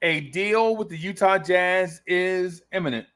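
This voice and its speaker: A man with a high, slightly bright voice talks in an unhurried way while hosting a casual fan stream. He reads comments from viewers playfully, laughs easily, and often echoes his own phrases.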